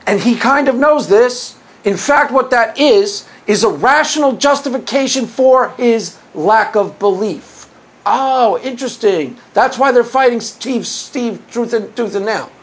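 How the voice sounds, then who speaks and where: A man's voice: very high voice, lively intonation, a little slow. A man hosting his own video as a Christian apologist, arguing his case in a sarcastic, combative monologue with frequent restarts. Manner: argumentative, sarcastic, mocks opponents' views; repeats and restarts phrases. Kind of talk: opinionated monologue to camera.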